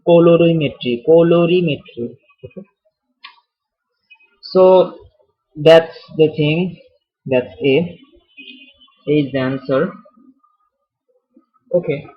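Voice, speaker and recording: A man's voice: fairly high pitch, very slow, long pauses, slightly rough. Man tutoring chemistry, repeating himself. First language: not English. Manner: repeats and restarts phrases, thinking aloud. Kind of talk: informal video lesson. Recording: dull lo-fi recording.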